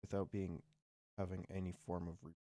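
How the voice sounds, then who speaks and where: A man chatting casually on a stream, halting and restarting as he talks. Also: low voice, flat delivery, warm tone. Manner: halting, many fillers and restarts. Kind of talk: casual chat.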